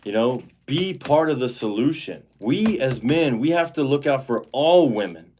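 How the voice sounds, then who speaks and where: A man's voice: medium pitch, animated, normal speed, a little mellow, slight background noise. A man hosting a livestream, talking in a rambling, casual way with lots of fillers and restarts, and getting heated and indignant. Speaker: live-stream host.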